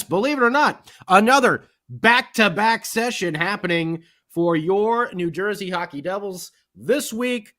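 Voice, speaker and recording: A man co-hosting a casual sports podcast, excitable and rambling, with lots of fillers. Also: sits high. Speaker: podcast co-host.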